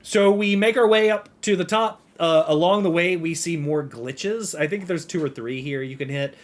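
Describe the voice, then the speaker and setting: A man's voice: a little high, normal speed. A man co-hosting a podcast, casually recapping a game and acting out the characters' lines. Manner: rambling, acts out character lines. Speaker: podcast co-host.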